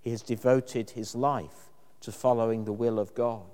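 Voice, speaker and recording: A man gives a sermon in a warm, mellow voice, talking in a thoughtful, conversational way with the odd "um". His words ring out with a long reverb from the church around him. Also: medium pitch, fairly even intonation, moderate pace. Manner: thoughtful, conversational preaching with fillers. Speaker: preacher.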